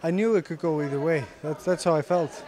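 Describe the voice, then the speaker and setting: A young man whose English carries a faint Irish lilt, though it is not his first language. He answers quietly and hesitantly, with many pauses and fillers, in a slightly higher voice, in a gym. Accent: slight Irish-tinged English. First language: Icelandic. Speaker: interviewed fighter. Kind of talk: casual interview answers. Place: sports gym.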